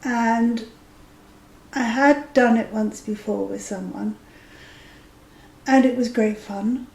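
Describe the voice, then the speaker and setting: A woman's voice: on the high side, steady tone, slow pace, creaky, a little mellow, roomy sound, low-quality recording. A woman in her fifties telling a dating story in a chatty, amused way, sometimes dropping to a whisper for asides. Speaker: vlogger sharing dating stories. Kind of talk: casual anecdotal storytelling.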